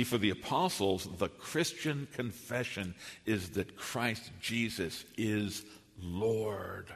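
Low husky preacher in an echoing hall. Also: male voice, a bit bright. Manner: earnest teaching cadence, slows to stress key phrases. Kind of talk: expository sermon. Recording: long reverb of a large hall.

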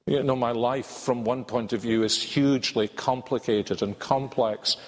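An older man with a Scottish accent preaching a sermon in a measured, earnest way, drawing out key words. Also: mid-range voice, steady tone. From Scotland. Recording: reverberant hall.

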